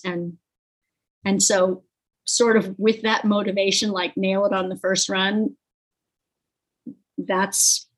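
Woman, former ski racer, husky mid-pitched voice, rambling and candid. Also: little pitch movement, low-quality recording. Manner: halting, full of fillers and restarts. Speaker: former ski racer telling her story. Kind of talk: casual spoken storytelling.

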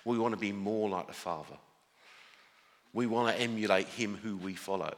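A man's voice: lowish voice, moderate pace, in a large hall. A man from Northern Ireland with an English accent, preaching a sermon as pastor, earnest, often restarting and building to emphatic declarations.

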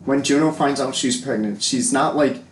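A young man co-hosting a casual film podcast, blunt and emphatic, quick to laugh. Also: medium pitch, far from the mic, a little hiss or hum. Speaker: podcast co-host. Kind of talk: casual film review chat. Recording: echoey room.

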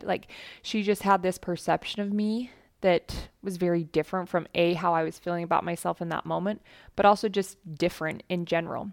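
Chatty woman host with a gravelly edge. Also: fairly low pitch, fairly even intonation, brisk, no room sound, studio quality. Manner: chatty, earnest, acts out quotes with a lifted voice. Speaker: podcast host. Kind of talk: personal storytelling to listeners.

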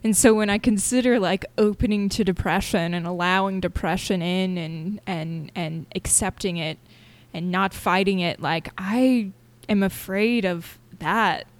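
A young woman hosting a personal solo podcast, talking candidly and haltingly with many fillers and restarts. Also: medium pitch. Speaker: podcast host.

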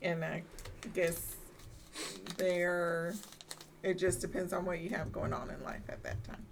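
A woman's voice: lowish voice, level tone, measured pace, vocal fry, a little hiss or hum. A woman in casual conversation who talks freely and defends herself. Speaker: guest talking about her relationship. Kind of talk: casual chat.

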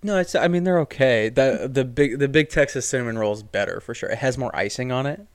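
A man in relaxed, rambling conversation on a home podcast, his voice smooth and clean. The sound is dry and close, with little room around it. He talks loosely, with fillers and false starts. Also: mid-range voice, fairly quick, dry recording. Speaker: podcast co-host. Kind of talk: casual chat.

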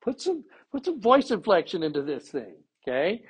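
A man teaching an informal scripture class, animated and lively, acting out quotes with plenty of voice inflection. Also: high-pitched, moderate pace, slightly rough.

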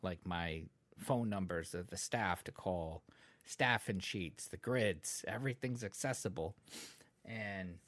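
A man's voice: deep voice, takes it slowly, no room sound. A man hosting a podcast in casual chat, rambling with lots of fillers and casual swearing. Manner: close to the mic, sometimes trails off quietly. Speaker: podcast host and editor.

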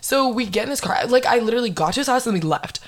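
A young woman in her twenties, a podcast host telling a dating story in casual chat, animated and full of "like". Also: fairly high pitch, fast talker. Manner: animated, heavy use of "like".

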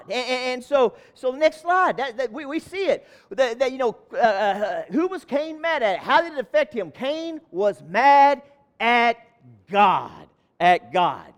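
A high-voiced man preaching as pastor in a church. He repeats words and phrases, swinging from loud, ringing calls down to near-murmurs, and breaks out in fervent exclamations. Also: very animated, unhurried. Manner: moves around while preaching. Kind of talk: sermon.

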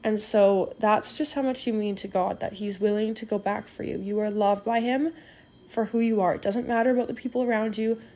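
Earnest woman with a mellow voice. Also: mid-range voice, steady tone, a little fast. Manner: earnest, encouraging, addresses listener directly. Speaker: devotional speaker. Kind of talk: spoken devotional retelling a parable.

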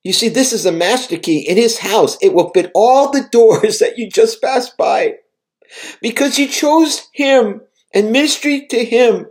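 Man reading gentle Jesus, welcoming, warm, encouraging, slightly high voice. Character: gentle, loving male Jesus, calm and welcoming.

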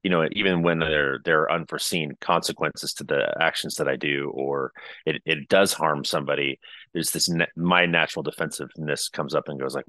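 A man co-hosting a podcast, talking reflectively in casual conversation, with frequent halting restarts. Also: a bass voice, fairly even intonation, pushed and bright, no room sound. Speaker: podcast co-host.

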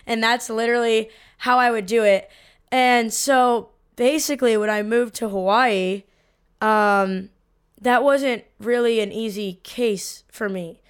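Animated, foul-mouthed young woman storyteller. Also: on the high side, clear, resonant tone. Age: 20s. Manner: animated, swears a lot, acts out quotes. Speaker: podcast co-host. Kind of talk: casual storytelling.

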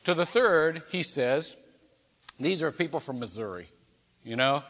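A man's voice: on the high side, animated, measured pace, long pauses, a bit bright, in a large hall. A man preaching a sermon as pastor, telling stories and acting out the quoted dialogue. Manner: storytelling preacher who acts out quoted dialogue. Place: church sanctuary.

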